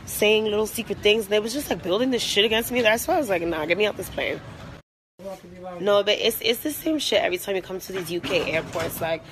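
This time she talks fast with few pauses, her pitch medium, swearing hard and stringing filler words together. The touring recording artist is venting furiously into her phone in an airport terminal, on a noisy recording with vehicle sounds.

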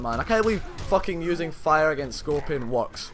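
Young guy yelling and cursing through his gameplay, voice jumping all over the place, slightly high. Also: brisk, few pauses. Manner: swears a lot, excitable, frustrated outbursts at the game. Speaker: gaming channel host. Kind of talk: let's play commentary.

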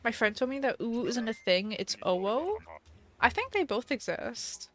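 A young woman with a fairly high voice chats casually on her live stream, giggling and reading out viewer messages. Quiet music plays softly underneath her. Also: very animated, moderate pace. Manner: chatty, giggly, reads viewer messages aloud. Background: soft music.

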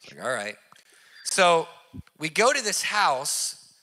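A man's voice: fairly high pitch, slow pace. A man preaching through a personal story in casual slang, acting out the voices of the people in it and repeating lines for emphasis. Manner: excited, acts out quoted voices, repeats phrases for emphasis; casual slang, addresses listeners directly. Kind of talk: animated testimony storytelling.

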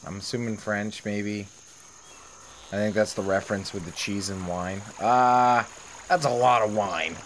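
Steady in tone and unhurried, a low-voiced male gamer narrates his let's play casually, joking, swearing freely, and laughing at himself. Game music runs under his voice, and there's slight background noise.

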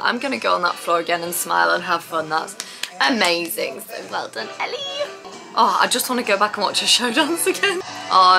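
A woman reacting to a dance show in casual, gushing commentary that swings between squeals and quiet awe. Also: mid-range voice, gravelly, rough recording. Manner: excitable, gushing, squeals and laughs. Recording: loud TV music behind the voice. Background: TV show music playing.

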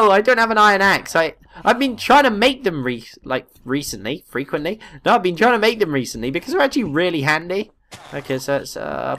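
A man giving gameplay commentary, excitable, swearing and exclaiming often. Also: on the high side. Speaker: let's play gamer.

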